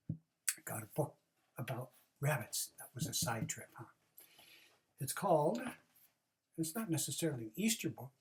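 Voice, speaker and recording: A storyteller casually reading a children's book aloud, with chatty asides and expressive narration. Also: mid-range voice. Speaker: storybook reader.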